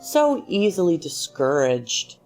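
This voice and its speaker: A woman's voice: deep voice, big pitch swings, slow, darkish tone, full character voice. A woman reading as an irritable husband, cool and needling. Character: cold, weary husband, middle-aged man. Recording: faint music underneath.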